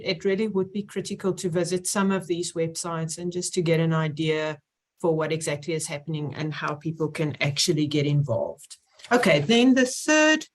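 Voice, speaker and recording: A woman chairing an online science symposium, introducing speakers with many pauses and fillers. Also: lowish voice. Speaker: session chair.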